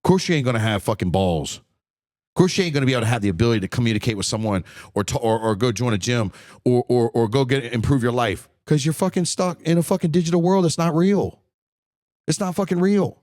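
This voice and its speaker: A man in his forties rants alone on his podcast, blunt and profane, stumbling over repeated words as he gets heated. His voice sits at an ordinary middle pitch. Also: quick pace, a little mellow. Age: 40s. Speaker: podcast host. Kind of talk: solo podcast rant.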